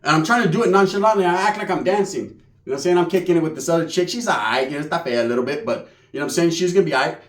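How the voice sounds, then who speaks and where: A young man from spins a crude comic story in loose, profane street slang. His voice sits fairly high, and it rings around a roomy space. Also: very fast. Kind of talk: comedic storytelling. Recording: roomy echo.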